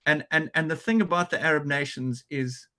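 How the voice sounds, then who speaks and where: A man's voice: on the high side, fairly quick, pushed and bright. A man from South Africa, a podcast guest, telling a story in an earnest, restless way full of restarts and repeated words. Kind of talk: conversational storytelling.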